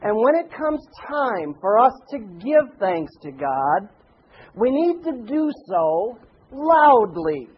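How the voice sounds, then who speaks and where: A man preaching a sermon, telling stories animatedly and swinging between loud and hushed delivery. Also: sits high, big pitch swings, slow pace, lo-fi sound, a little hiss or hum. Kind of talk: sermon with storytelling.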